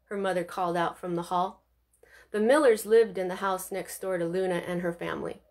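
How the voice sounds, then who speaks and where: A woman's voice: mid-range voice, moderate pace. A woman reading her own novel aloud, telling it expressively with suspense. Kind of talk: audiobook reading.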